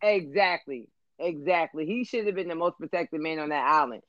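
High new guy on a podcast, quick reactions, kinda muffled. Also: fairly bright tone, dry recording. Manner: reactive, laughs and chimes in. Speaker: podcast co-host. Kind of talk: casual chat. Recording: dull lo-fi sound.

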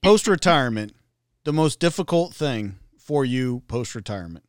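A man's voice: mid-range voice, big pitch swings, normal speed, clear, resonant tone, no echo, studio quality. A man hosting a casual interview, asking loose, rambling questions. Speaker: podcast host.

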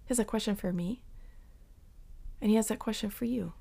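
A woman's voice: fairly high pitch, moderate pace. A woman giving a reflective devotional talk, earnest, sometimes dropping to a whisper and acting out the story. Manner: earnest and reflective, drops to whispers for quoted voices; acts out Bible characters with lively shifts.

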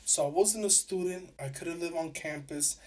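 A man's voice: on the high side, moderate pace, distant mic. A young man from New York City, hosting a podcast and animatedly retelling a story, acting out both sides of the conversation. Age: young adult. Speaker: podcast host. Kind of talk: casual storytelling.

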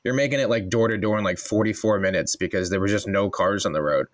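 A man telling stories in casual podcast chat, swearing freely and getting animated. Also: fairly low pitch, quick pace.

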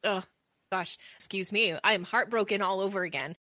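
A woman co-hosting a casual podcast, her voice bright and forward. She is chatty and quick to laugh. The sound is dry, with no room around it. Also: mid-range voice, no echo. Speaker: co-host.

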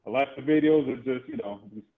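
A man's voice: medium pitch, a little fast, phone-quality sound. A man calling in to a sports show, mocking the host and stumbling over his words. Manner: mocking, stammering. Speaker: caller. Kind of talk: casual sports trash talk.

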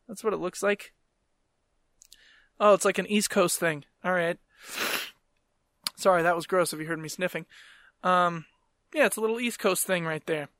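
High-voiced man ranting profanely. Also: no echo, studio quality. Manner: profane, exasperated, animated storytelling. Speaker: podcast host, comedian. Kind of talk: casual comedic rant.

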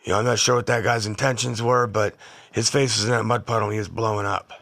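A middle-aged man with a lowish, slightly bright voice talks fast and flat. On his podcast he delivers a relaxed monologue of rambling, blunt youth stories told in a tough-guy manner.

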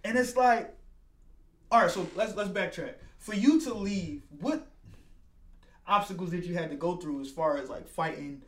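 A man hosting a casual talk, telling animated stories and acting out quoted conversations. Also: sits high, moderate pace, long pauses. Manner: animated storyteller, acts out quotes. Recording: roomy echo.

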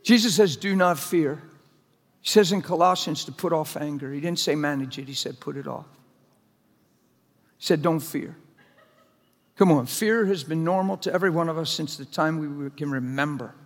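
A man's voice: a little high, moderate pace, pauses often. A middle-aged man preaching a sermon to a congregation, conversational and jokey, pressing the crowd with questions. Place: large church hall before a congregation. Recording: long hall reverb.

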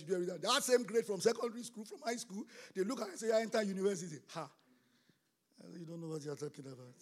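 Brief middle-aged male pastor, very high voice, preaches with shouted bursts. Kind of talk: sermon.

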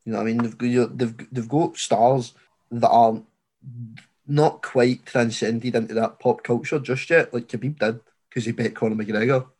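A man's voice: mid-range voice, normal speed, husky. A man hosting a podcast, talking sports casually with a friend, rambling and peppering his talk with fillers. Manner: rambling, leans heavily on "like" as filler; gets loud and animated when arguing a point. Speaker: podcast host.

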